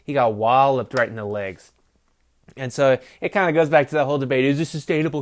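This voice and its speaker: A man's voice: medium pitch, steady tone, quick pace. A man hosting a sports podcast, rambling casually and swearing freely while he gives his opinions, recorded on a phone. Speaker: podcast host.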